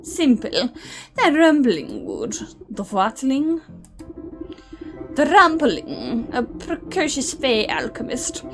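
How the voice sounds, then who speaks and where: A woman's voice: high-pitched, huge pitch swings, slow, over music, exaggerated voice. A woman doing a smug, greedy hawk landlord. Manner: smug, dismissive.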